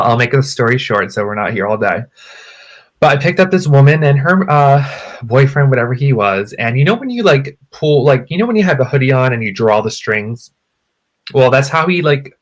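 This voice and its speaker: A man chatting casually on a podcast, telling a long story with lots of swearing and high-pitched voices when he quotes people. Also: expressive, brisk. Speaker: co-host.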